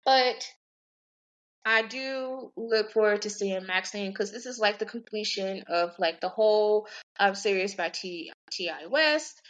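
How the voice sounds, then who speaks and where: A woman's voice: mid-range voice, unhurried, fairly bright tone. A woman in her forties hosting a podcast, ranting in a chatty, rambling, profane way. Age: 40s. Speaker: podcast host. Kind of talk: casual ranting podcast talk.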